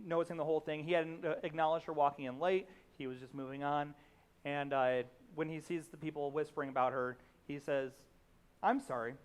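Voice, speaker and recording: A young pastor with a slightly high voice delivers a sermon like a relaxed conversation. He leans on fillers and restarts, and slips into quoted characters' lines as he retells a scene.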